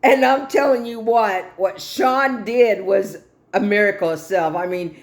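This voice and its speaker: A woman's voice: mid-range voice, unhurried. A middle-aged woman earnestly telling a personal story and acting out the dialogue as she retells it. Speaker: guest telling her life story. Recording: roomy echo.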